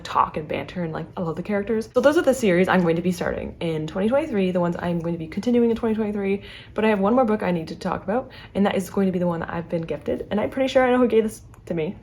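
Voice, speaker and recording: A young adult woman chatting casually to camera as a book vlogger, talking fast and chattily with many fillers and restarts. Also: on the low side, darkish tone.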